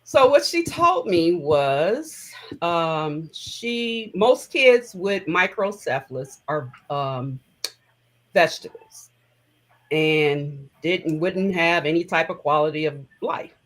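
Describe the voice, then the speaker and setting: A middle-aged woman, a guest in an interview, recounting personal memories in a reflective, heartfelt way with halting phrases. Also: low-pitched, expressive, poor audio.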